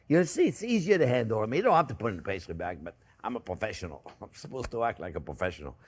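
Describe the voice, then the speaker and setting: A man's voice: on the low side, rapid-fire, slightly rough. An older man with a French accent, chatting and joking with viewers as he demonstrates a recipe in his kitchen. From France. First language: Italian and French. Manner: chatty, joking, animated, addresses viewers as friends. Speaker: chef. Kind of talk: cooking demonstration.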